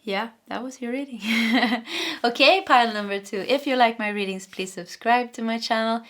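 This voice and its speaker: A young adult woman with a Swedish accent giving a pick-a-card tarot reading, talking fast and energetically and often repeating her phrases. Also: fairly high pitch, a bit bright. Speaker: tarot reader.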